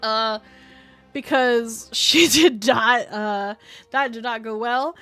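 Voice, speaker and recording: Woman streamer, high bright voice, giggly and chatty, faint music underneath. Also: slow. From Canada. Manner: giggly, chatty, swears casually. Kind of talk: casual gaming stream chat.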